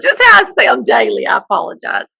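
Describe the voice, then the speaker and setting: Podcast co-host, woman, playful and teasing, with a bright voice on the higher side. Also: wildly swooping pitch, a little fast, creaky, husky, rough recording. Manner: joking and teasing. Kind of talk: casual chat.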